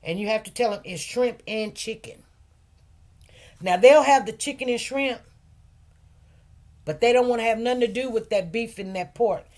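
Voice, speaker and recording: A woman with a somewhat high voice chats casually on a livestream. She rambles and loops back over her points in loose, informal grammar. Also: moderate pace, pauses often, a little mellow. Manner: chatty, rambling, repeats phrases. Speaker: livestream host and food truck owner.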